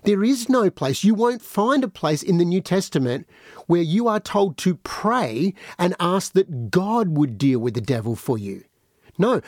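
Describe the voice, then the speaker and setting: Lively high-voiced male preacher. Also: no echo, studio quality. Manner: animated, acts out quoted voices. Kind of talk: podcast sermon.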